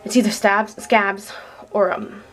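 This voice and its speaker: A woman filming her sick pet bird at home on a handheld camera, close to tears, talking in a halting, tender way with sighs and restarts. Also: mid-range voice, flat delivery, a bit bright, faint music behind. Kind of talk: emotional home video complaint.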